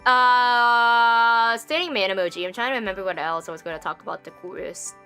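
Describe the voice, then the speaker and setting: A woman's voice: fairly high pitch, steady tone, brisk, sharp tone, smooth, soft background music. A young adult woman livestreaming in casual chat. She rambles with many fillers and laughs often.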